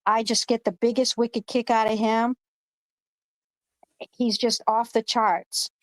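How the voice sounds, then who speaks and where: A woman's voice: on the high side, level tone, slow, dry recording. A woman hosting a live online panel in casual chat, rambling and emphatic, swearing freely. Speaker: panel host. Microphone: video call.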